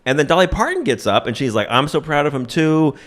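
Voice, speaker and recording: A man's voice: fairly high pitch, big pitch swings, fast, a bit bright. A man casually retelling a movie plot on a comedy podcast, acting out the characters' lines and laughing often.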